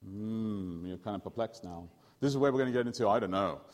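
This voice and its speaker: A man, a pastor telling a story in a sermon, animated and joking with his congregation. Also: fairly low pitch, fairly quick, big-room sound. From England. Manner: animated, jokey, quizzes the audience.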